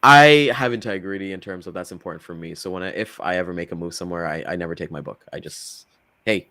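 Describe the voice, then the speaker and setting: A man's voice: fast, bright, forceful tone, dry recording. A man co-hosting a casual morning talk show, speaking loosely with lots of fillers and acting out quotes. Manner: loose and chatty, full of fillers; acts out quotes with big jumps in pitch. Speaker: co-host.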